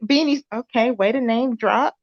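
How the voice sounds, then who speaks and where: A woman's voice: fairly high pitch, normal speed, no echo. A woman playing a prim, apologetic interviewer with a Memphis Southern accent in a comedic mock interview. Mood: polite. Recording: dull lo-fi recording.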